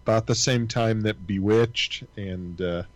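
A man's voice: on the low side, steady tone, unhurried, dry recording. A man in his sixties co-hosting a casual chat, joking and laughing as he talks. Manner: joking, laughs mid-sentence. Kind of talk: casual banter.

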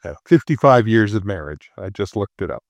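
A man's voice: on the low side, expressive, a little fast, no room sound. A man in his sixties chatting casually as a co-host, telling stories about himself with dry, self-mocking humor. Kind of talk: casual chat.

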